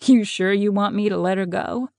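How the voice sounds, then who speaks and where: A woman voicing a cocky male shifter brawler with a slow, slight Southern drawl. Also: medium pitch, gravelly, a little mellow, dry recording, lightly acted. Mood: amused swagger.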